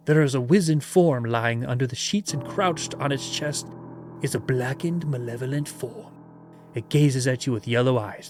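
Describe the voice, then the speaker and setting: A man's voice: medium pitch, darkish tone. Playful male gamebook narrator. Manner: playful, laughing asides while narrating. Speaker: game master reading a gamebook. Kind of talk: reading a gamebook aloud with asides.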